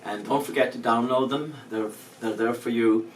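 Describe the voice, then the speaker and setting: A man's voice: medium pitch, fairly even intonation, moderate pace. A male language teacher explaining pronunciation step by step, patient and lightly joking. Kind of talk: spoken language lesson. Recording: roomy echo, mic at a distance, faint background noise.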